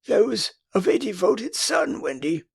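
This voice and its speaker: A man's voice: sits high, big pitch swings, slow, vocal fry, breathy edge, voice pushed up, exaggerated voice. An older man with an English accent voicing a frank, anxious, puzzled boy in an audiobook. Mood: boyish. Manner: boyish, frank, uncertain. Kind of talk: audiobook character voice.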